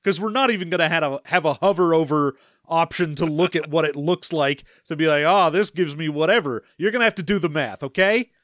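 A man's voice: a little high, fairly bright tone, dry recording, clean studio sound. Playful, laughing male co-host. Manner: playful, quick jokes and laughs. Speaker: podcast co-host. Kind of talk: casual book-discussion chat.

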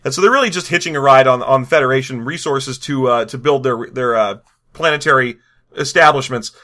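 A man's voice: mid-range voice, a little fast, bright, forceful tone. A man co-hosting a casual chat about a tabletop game, joking and laughing often and restarting his sentences. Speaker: podcast co-host.

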